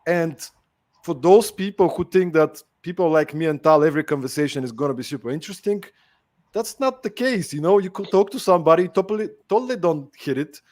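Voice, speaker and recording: A man's voice: on the high side, expressive, brisk, a little mellow. A man hosting a podcast, talking in a chatty, casual way with many fillers. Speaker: podcast host.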